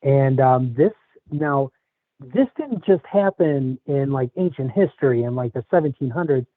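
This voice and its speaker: Male guest on remote call, measured storytelling with fillers, narrow lo-fi audio. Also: mid-range voice, lively intonation, dry recording. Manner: measured, hesitant, lots of fillers. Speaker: podcast guest. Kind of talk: casual interview, storytelling. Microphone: video call.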